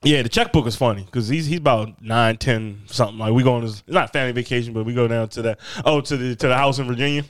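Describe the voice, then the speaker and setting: A man casually telling a funny story on a podcast, animated and often laughing as he acts out what others said. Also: medium pitch, quick pace, hardly any pauses, dry recording, studio quality. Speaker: podcast host.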